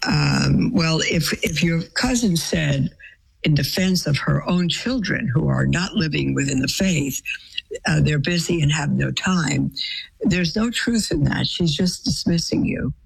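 Husky religious sister giving advice. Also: female voice, sits low, animated, a little slow, poor audio. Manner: reads letters aloud, then gives gentle advice. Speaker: nun answering listener letters. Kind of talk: advice show reading letters.

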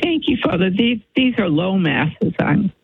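Woman caller, tearful, halting, gravelly husky voice, tinny phone line. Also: medium pitch, big pitch swings, dry recording. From New Hampshire. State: bedridden, voice tearful. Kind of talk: call-in question.

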